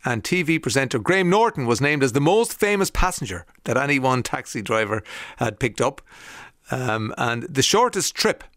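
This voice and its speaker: A man's voice: medium pitch, big pitch swings, normal speed, fairly bright tone, no room sound, clean studio sound. An Irish man presenting a radio show, chatting casually through anecdotes with frequent fillers and restarts.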